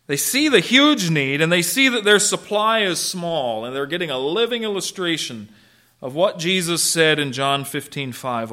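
A man delivers a sermon in a high, bright voice. He preaches in an animated, conversational way, often asking his listeners questions and answering them himself. He swings from loud, punchy emphasis down to soft, hushed asides. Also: moderate pace. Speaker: pastor.

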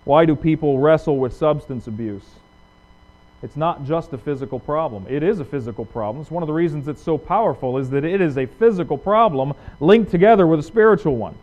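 A male pastor preaching a sermon, asking rhetorical questions and swinging from loud emphasis to hushed lines. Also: on the high side, animated, fairly quick. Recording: dull lo-fi recording.

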